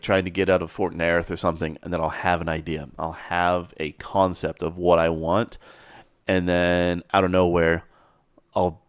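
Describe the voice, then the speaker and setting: A man working as a content creator, dictating scene descriptions in a halting way with fillers and pauses, then chatting casually. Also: deep voice, clean tone, dry recording, studio quality.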